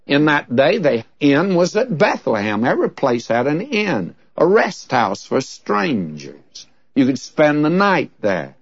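A man's voice: medium pitch, dry recording, lo-fi sound. An older man preaching a sermon, telling a story and leaning hard on key words.

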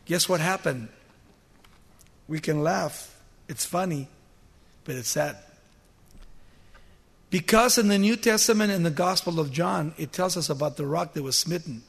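A man's voice: a little high, animated, unhurried, vocal fry, long pauses, fairly bright tone, husky, in a large hall. A male preacher telling a Bible story in a sermon, asking the congregation rhetorical questions as he goes.

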